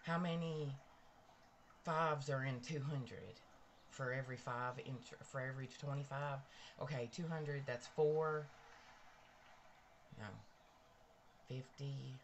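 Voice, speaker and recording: A woman's voice: rumbling low, fairly even intonation, takes it slowly, pauses often, slight background noise. A woman hosting a casual live stream from her bedroom, chatty and bubbly, greeting viewers by name. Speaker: livestream host. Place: bedroom at home.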